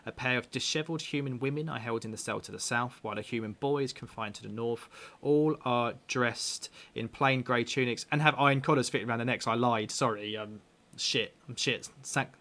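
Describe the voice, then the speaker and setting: A man of middling pitch running a tabletop role-playing session, reading out scene descriptions between loose banter. He mocks himself over slips and swears in a relaxed way. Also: fairly quick. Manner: chatty, self-deprecating, swears casually. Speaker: game master. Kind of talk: tabletop game narration and casual chat.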